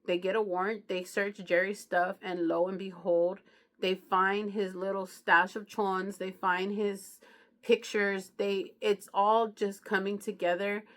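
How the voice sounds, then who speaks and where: A woman reviewing a true crime book, retelling it in a chatty, slangy way with lots of asides to the listener. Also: mid-range voice. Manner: slangy, chatty, keeps asking "you know what I mean". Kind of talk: casual true crime storytelling.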